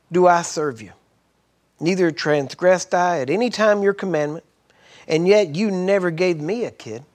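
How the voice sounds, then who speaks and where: Man preaching with emphatic asides. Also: fairly high pitch. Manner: reads verses aloud, then breaks in with emphatic asides to the audience. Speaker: Bible teacher. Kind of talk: sermon teaching from scripture.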